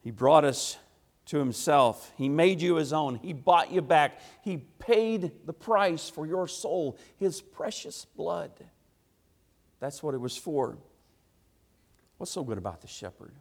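A man delivering a sermon in a notably high voice. He drops into quiet, low asides, then builds to loud, emphatic passages with rhythmic repetition. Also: expressive, takes it slowly, vocal fry. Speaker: preacher.

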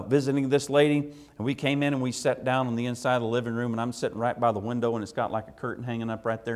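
Man preaching with big loud-to-quiet swings. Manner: swings from loud emphatic declarations to low, quiet storytelling; conversational, folksy, drawn-out emphasis. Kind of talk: sermon with personal storytelling.

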